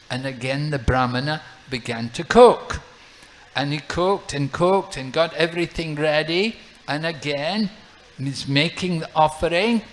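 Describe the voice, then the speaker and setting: Slow, deliberate male monk storyteller. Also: a little high, fairly bright tone, low-quality recording. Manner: unhurried, repeats phrases while narrating. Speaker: monk and lecturer. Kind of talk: devotional storytelling sermon.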